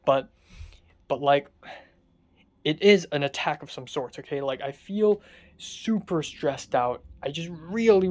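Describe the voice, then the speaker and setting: Young adult from Hong Kong, mid pitch, telling a personal story as an exasperated rant with plenty of swearing. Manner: venting, exasperated, swears often. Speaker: vlogger. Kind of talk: casual storytelling monologue.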